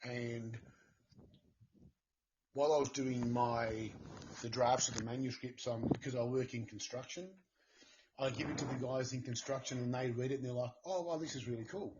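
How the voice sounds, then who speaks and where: A man guest talking earnestly and haltingly about his writing. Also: medium pitch, little pitch movement, highs cut off, background noise. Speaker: guest author. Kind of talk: casual interview chat.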